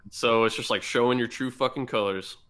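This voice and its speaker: A man's voice: mid-range voice, steady tone, a little fast, fairly bright tone, clear, resonant tone. A man co-hosting a casual podcast, retelling scenes with emotion and frequent swearing. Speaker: podcast co-host. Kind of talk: casual chat about an anime.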